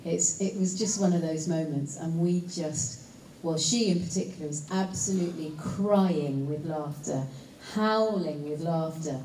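An actress answering panel questions in a chatty, rambling way, full of fillers and asides. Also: female voice, deep voice, unhurried, dark tone, a little hiss or hum. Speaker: actress and voice actor. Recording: roomy hall, distant mic, faint ambience.

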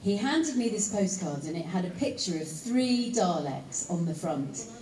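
A woman, an actress, telling a lively anecdote to a live audience and teasing them with asides. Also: fairly low pitch, unhurried. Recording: echoey hall, voice picked up from a distance, faint room noise.

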